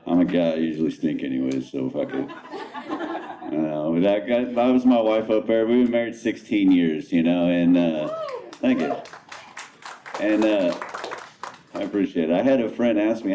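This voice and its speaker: A man's voice: low-pitched, moderate pace, a crowd in the background, poor audio. A man in his thirties doing a rambling, self-mocking stand-up comedy set on a club stage, swearing casually. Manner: laid-back, rambling, profane, self-mocking.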